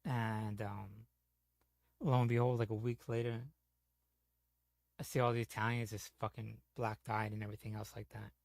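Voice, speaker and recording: A man's voice: on the low side, level tone, normal speed, gravelly, pauses often, no room sound. A man chatting casually on a gaming stream, telling rambling, profane stories full of "you know". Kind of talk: casual storytelling chat.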